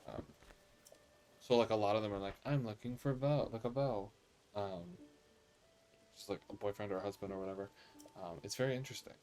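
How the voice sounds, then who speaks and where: An American man streams a video game, chatting with viewers in a sassy, casual way and reading the dialogue aloud. His fairly low voice is animated, creaky and a little mellow, and he speaks a little fast but leaves long pauses.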